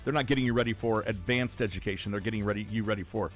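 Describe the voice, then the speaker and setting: A man's voice: lowish voice, rapid-fire, faint music behind. A man co-hosting a morning radio show, chatting casually, chuckling and explaining things at length. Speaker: radio co-host.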